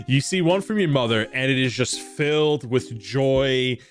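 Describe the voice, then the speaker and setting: A man narrating a tabletop game as game master in a relaxed, chatty way. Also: medium pitch, slow pace, soft background music. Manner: relaxed, chatty, many fillers.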